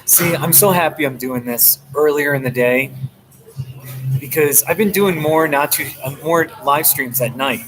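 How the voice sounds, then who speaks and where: An American man talks slowly and loosely to his viewers, rambling and chuckling as he goes. Café chatter and clatter fill the background clearly around his voice. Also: a little high, fairly bright tone. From United States. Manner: rambling, chuckles often between remarks. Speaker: live streamer. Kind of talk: casual live-stream chat. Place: busy coffee shop. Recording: noisy coffee shop background. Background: café chatter and noise.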